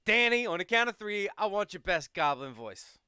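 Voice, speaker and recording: A man's voice: high voice, very animated, normal speed, bright, forceful tone, slight background noise. A man hosting a tabletop game livestream, chatting casually and laughing often. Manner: upbeat, laughs often, rambling. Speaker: livestream host.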